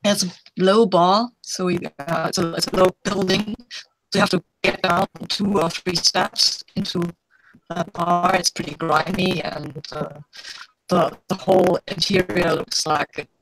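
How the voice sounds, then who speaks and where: A woman player describing a scene in a tabletop game, pausing and rephrasing as she goes. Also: lowish voice, fairly even intonation, noisy background. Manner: hesitant, descriptive.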